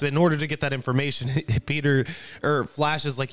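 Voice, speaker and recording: A man's voice: medium pitch, steady tone, fairly quick. A man co-hosting a casual podcast, chiming in and finishing his partner's points about a film. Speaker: podcast co-host. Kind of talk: casual movie recap chat.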